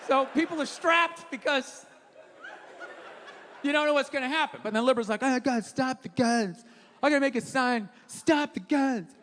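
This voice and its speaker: High, bright-voiced ranting male comedian. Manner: profane, ranting, storytelling. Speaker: stand-up comedian. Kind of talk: stand-up comedy routine. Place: comedy stage. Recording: reverberant hall with faint room noise.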